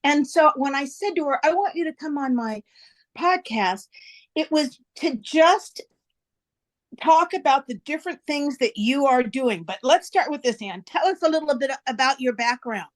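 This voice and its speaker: A woman's voice: high voice, expressive, normal speed. A woman hosting her own podcast, chatty and laughing often as she tells a story, with frequent restarts. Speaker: podcast host. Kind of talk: casual podcast introduction.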